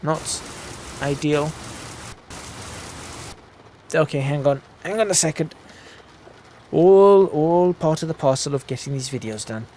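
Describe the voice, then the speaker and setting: A man's voice: a little high, measured pace, long pauses, a little mellow, a little hiss or hum. Chatty man commenting on a truck game. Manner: rambling and chatty, self-deprecating. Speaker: gaming video creator. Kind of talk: casual let's-play commentary. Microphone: desk microphone close to the mouth.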